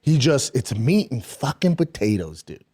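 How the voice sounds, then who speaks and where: A man's voice: mid-range voice, big pitch swings, normal speed, mellow, breathy edge. A man ranting emphatically on a podcast, swearing heavily as he drives his points home. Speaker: podcast host. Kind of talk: podcast rant.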